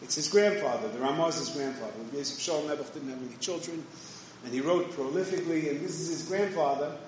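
Man, Torah lecture, somewhat high voice, heavy room echo, faint hiss. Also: quick pace. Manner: conversational, mixes Yiddish and Hebrew terms, many restarts. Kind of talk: yeshivish Torah shiur. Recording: very echoey room, faint noise.

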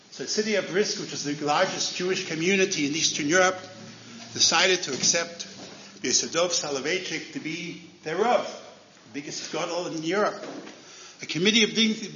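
A man's voice: on the high side, sharp tone, roomy sound, lo-fi sound, slight background noise. A man giving a Torah lecture as a rabbi, telling stories and acting out the characters' lines with sudden rises in voice.

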